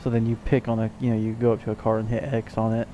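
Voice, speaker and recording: A man's voice: on the low side, completely flat delivery, fast talker, mellow, lo-fi sound, slight background noise. A tired man casually commenting while playing a video game, rambling with self-mocking asides. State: yawning, tired. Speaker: let's play host.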